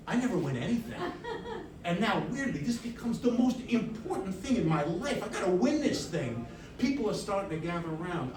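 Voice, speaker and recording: High-voiced man telling a comic story. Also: background noise. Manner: comic, wry, animated delivery. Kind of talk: live personal storytelling. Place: stage before a live audience. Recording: echoey room, distant mic, audience. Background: audience laughter.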